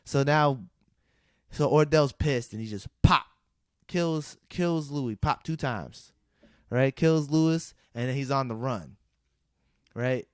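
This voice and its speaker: A man's voice: mid-range voice, animated, takes it slowly, long pauses, no room sound, clean studio sound. A man co-hosting a casual podcast, retelling a film scene by scene and acting out the characters' lines, laughing often. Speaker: podcast co-host. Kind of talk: casual movie recap chat.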